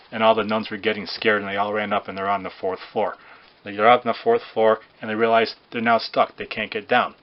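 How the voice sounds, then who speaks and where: A man telling jokes in a rambling way, with restarts and hesitant pauses. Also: fairly low pitch. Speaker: joke teller. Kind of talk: amateur joke telling. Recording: dull lo-fi recording.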